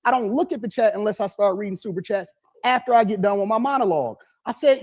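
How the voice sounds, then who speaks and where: A man calmly explaining his side of a dispute in a casual monologue. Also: high voice, fast, breathy edge.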